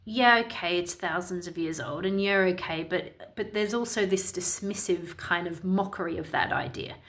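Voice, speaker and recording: A woman's voice: fairly low pitch, normal speed, fairly bright tone. A woman from Ireland giving opinionated, sarcastic and indignant commentary in a vlog. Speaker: commentary vlogger.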